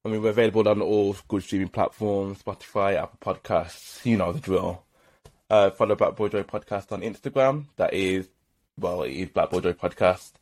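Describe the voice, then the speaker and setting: A man from Birmingham co-hosting a podcast, talking in relaxed casual chat full of "like". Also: low-pitched, moderate pace. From Birmingham, England. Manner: relaxed, lots of "like" fillers. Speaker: podcast co-host.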